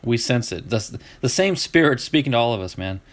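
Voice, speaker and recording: A man's voice: mid-range voice, expressive, brisk. A middle-aged man with a Southern US accent chatting casually as he opens cards, laughing easily and often restarting his sentences. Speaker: card-breaking streamer. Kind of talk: casual chat.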